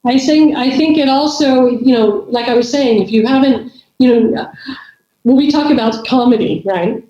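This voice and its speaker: A woman's voice: high voice, moderate pace, mellow. A middle-aged woman, a podcast guest, chatting casually and rambling with many restarts. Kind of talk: casual conversation. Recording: echoey, dull remote audio.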